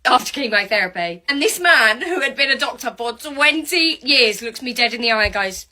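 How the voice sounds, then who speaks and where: A woman telling a funny personal story as a podcast guest, animated and laughing as she talks. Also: sits high, normal speed.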